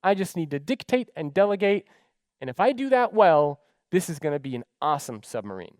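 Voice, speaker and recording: A man speaks on stage in an animated storytelling style, his pitch swinging widely. His voice is dry and close, with no room echo at all. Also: brisk. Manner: animated, dramatic storyteller who acts out dialogue. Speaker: keynote speaker. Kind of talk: storytelling keynote talk.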